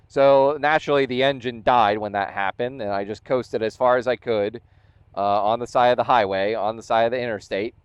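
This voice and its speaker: A man's voice: mid-range voice, steady tone, fairly quick, smooth, dry recording. A man vlogging about his motorcycle, retelling events with exasperation and quoted dialogue. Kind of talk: casual storytelling vlog.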